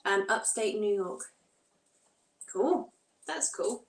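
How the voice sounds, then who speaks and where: A woman's voice: mid-range voice, expressive, takes it slowly. A young woman chatting casually on a live stream at home while doing housework, often breaking off to tend to her toddler. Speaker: live-streaming mum vlogger. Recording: roomy, mic at a distance.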